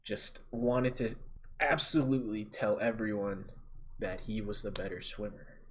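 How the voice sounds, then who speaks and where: A young man casually telling a story to camera, talking in slang and getting louder and more animated at the exciting parts. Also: lowish voice, a little slow, slight background noise. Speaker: storyteller vlogger.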